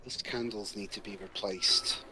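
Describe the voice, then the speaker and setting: Bright-voiced man making teasing quips. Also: lowish voice, steady tone, moderate pace, poor audio. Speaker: co-commentator. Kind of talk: casual game chat.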